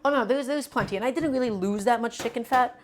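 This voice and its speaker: A woman's voice: on the high side, fast, a little hiss or hum. A woman streaming live while cooking, chatting to her viewers and hamming up her small annoyances for laughs. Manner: mock-dramatic grumbling, playful.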